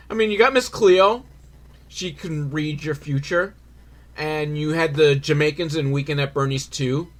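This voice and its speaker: A man's voice: medium pitch, fairly bright tone. Sardonic, crude man riffing on a movie. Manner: crude, rambling, sardonic humor with frequent swearing. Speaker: comedy movie reviewer. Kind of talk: comedic movie recap.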